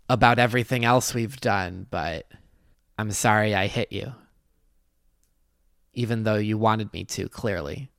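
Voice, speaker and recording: A man voicing a gruff young armored man in a tabletop game, quietly and reluctantly offering an apology. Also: lowish voice, no echo, studio quality.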